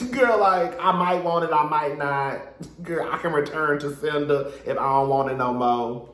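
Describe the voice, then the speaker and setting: A man talks through a reality show episode in a casual, sassy and animated way, with plenty of asides to his audience. His voice sits a little higher than most men's. The room around him echoes. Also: unhurried. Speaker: reality TV reviewer. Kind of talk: casual recap commentary.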